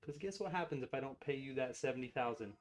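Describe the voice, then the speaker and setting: A man's voice: medium pitch, lively intonation, fast. Man, streamer dad, casual teasing banter over gameplay. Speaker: game streamer and father. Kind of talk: casual chat while livestreaming a game.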